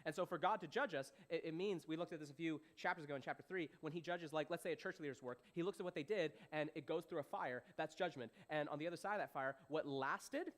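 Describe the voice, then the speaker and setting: A young man teaching a Bible passage as a young adults pastor, conversational and animated, often repeating himself and checking if listeners follow. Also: a little high, fast talker, few pauses. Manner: animated, repeats phrases, asks "does that make sense".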